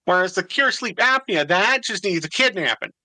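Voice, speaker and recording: A man's voice: sits high, animated, normal speed, sharp tone, no echo. A man joking sarcastically with friends while they read through a game. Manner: sarcastic, playful. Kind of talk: casual joking game commentary.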